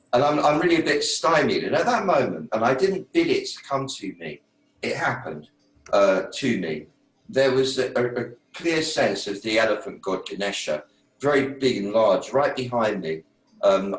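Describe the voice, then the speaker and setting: A man hosting an online meeting, telling a personal story in a casual, animated way and acting out his own thoughts. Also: medium pitch. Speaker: host. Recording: roomy sound from a distant mic.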